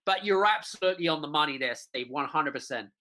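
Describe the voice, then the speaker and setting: Bright-voiced enthusiastic male host. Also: on the high side, lively intonation, fast talker, low-quality recording. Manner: enthusiastic, agreeable interviewer. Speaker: podcast host. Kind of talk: interview chat.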